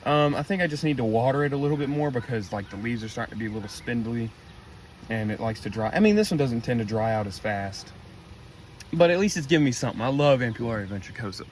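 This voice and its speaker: A man's voice: mid-range voice, animated, fast talker, a little hiss or hum. A young man with a cracking voice, casually walking through his plant collection, rambling with lots of ums and likes. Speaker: carnivorous plant grower giving a tour. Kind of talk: casual walkthrough vlog. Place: outdoor garden.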